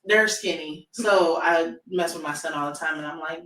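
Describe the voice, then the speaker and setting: A woman guest on a podcast chatting casually, telling lively stories about her kids, acting out quotes and laughing often. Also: low-pitched, moderate pace, slight background noise. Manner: animated storytelling, acts out quotes, laughs often. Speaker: podcast guest, single sports mom. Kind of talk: casual chat. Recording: roomy sound, distant mic.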